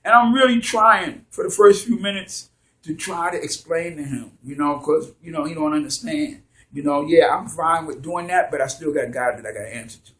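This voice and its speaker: A man telling a story in a casual, lively way, acting out the scenes as he goes. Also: a little high, moderate pace.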